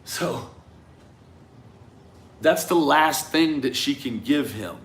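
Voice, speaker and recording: A man talking through a case in a reflective, conversational monologue, often tagging his points with a questioning "right?" and trailing off into quiet asides. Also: mid-range voice, expressive, slow pace. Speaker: commentator on a true-crime case. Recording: roomy echo with faint ambience.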